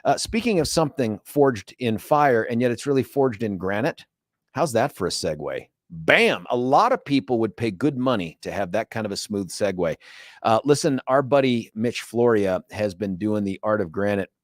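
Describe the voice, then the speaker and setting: A middle-aged man hosting a radio talk show, telling stories in a jokey, animated way with laughs. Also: lowish voice, normal speed, no echo, studio quality. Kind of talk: casual radio chat. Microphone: studio microphone.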